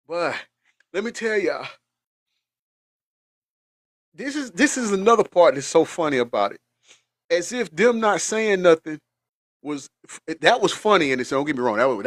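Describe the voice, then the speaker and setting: A man's voice: a little high, no echo, clean studio sound. A man hosting a casual reaction show, laughing hard, teary and sniffling as he talks to his viewers. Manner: laughing hard, animated, chatty. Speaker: host.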